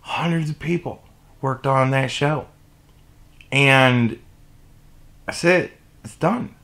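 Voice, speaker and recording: A man's voice: a little high, creaky. Fired-up profane man ranting solo. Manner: heated, profane, swinging from loud indignation to muttering. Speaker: podcast host. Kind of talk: solo opinion rant.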